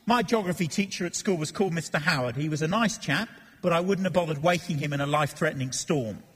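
Husky high-voiced preacher in reverberant hall. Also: male voice, fast talker. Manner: animated, acts out Bible voices and jokes. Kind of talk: expository sermon. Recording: long reverb of a church hall.

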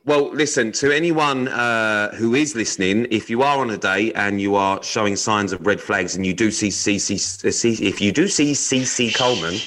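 A man's voice: lowish voice, moderate pace, few pauses, a bit bright, poor audio. A man co-hosting a podcast, chatting bluntly with plenty of swearing and reading odd news items aloud with his own asides. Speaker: podcast co-host. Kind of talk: casual chat.

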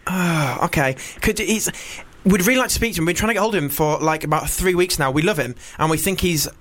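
A young man hosting a comic radio show, rambling and joking with an animated manner. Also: fairly high pitch, quick pace. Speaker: radio host.

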